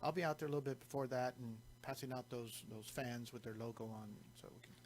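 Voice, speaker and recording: A man talking as a guest on local radio, speaking haltingly with restarts, in English and Spanish. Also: mid-range voice, slight background noise. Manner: halting, many restarts and fillers. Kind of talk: casual radio talk.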